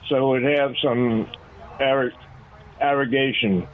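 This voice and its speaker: A man's voice: medium pitch, fairly even intonation, measured pace. A man calling in to a radio show, rambling unhurriedly and correcting himself, heard over a phone line. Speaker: caller. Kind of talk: call-in radio chat.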